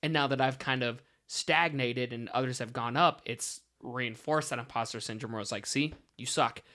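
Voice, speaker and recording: A man chatting casually as a podcast guest in a home studio, telling self-deprecating stories with lively energy. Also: mid-range voice, moderate pace. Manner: animated, self-deprecating storyteller.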